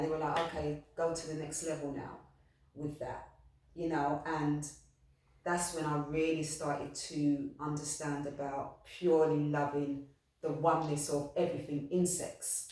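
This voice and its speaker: A woman's voice: low voice, level tone, unhurried, darkish tone. A woman talking earnestly about spirituality, rambling and repeating herself with frequent restarts. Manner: heartfelt, repetitive, rambling with restarts. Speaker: spiritual medium. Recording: echoey room, distant mic.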